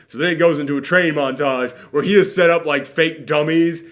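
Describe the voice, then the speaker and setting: A man's voice: on the high side, steady tone, a little fast, few pauses, fairly bright tone. A man hosting a casual movie reaction chat, ranting sarcastically with lots of fillers.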